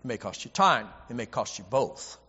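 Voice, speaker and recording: A man's voice: medium pitch, animated, moderate pace, sharp tone, breathy edge. A man preaching a sermon, emphatic and repetitive, often stammering as he restarts a phrase. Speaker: preacher and Bible teacher. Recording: dull audio with long hall reverb.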